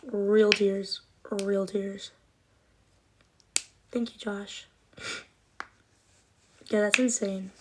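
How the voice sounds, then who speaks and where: A woman's voice: medium pitch, steady tone, very slow, long pauses, background noise. A young woman chatting casually on a livestream, rambling, emotional and swearing often. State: cold, shivering.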